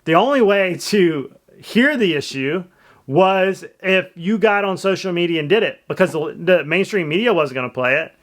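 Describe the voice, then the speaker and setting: A man's voice: sits high, expressive, normal speed. A middle-aged man giving casual commentary on his channel, opinionated and often asking his viewers what they think. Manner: chatty, opinionated, asks viewers questions. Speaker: vlogger and real estate agent.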